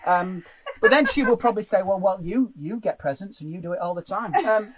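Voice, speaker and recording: A comedian host, chatting casually and reading out stories with plenty of laughter. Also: male voice, high-pitched, fairly quick, no echo, poor audio. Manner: animated, laughing storyteller.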